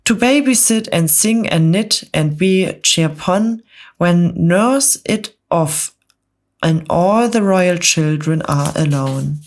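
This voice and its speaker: A woman whispering as a gentle young boy. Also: lowish voice, lively intonation. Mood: earnest. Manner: soft, slow, gentle. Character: boy hero, friendly and eager. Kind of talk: whispered role-play.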